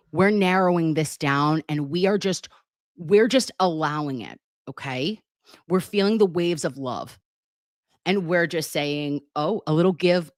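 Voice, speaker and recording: A woman's voice: low-pitched, dry recording, clean studio sound. A woman hosting a casual livestream chat, gushing and dramatic, talking with a slight lisp from a sore tongue. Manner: gushing, chatty and dramatic, reads viewer comments. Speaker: livestream host.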